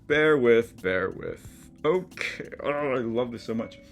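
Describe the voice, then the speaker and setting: A middle-aged collage artist talks slowly and expressively at medium pitch while hosting his casual art vlog. Addressing the camera from his studio, he's chatty and supportive, and his work easily moves him.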